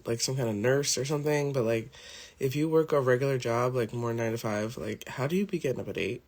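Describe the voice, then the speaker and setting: A man hosting a casual vlog, rambling with lots of fillers after just waking up. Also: mid-range voice. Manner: rambling, heavy use of "like" and "um". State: just woken up. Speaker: vlog host.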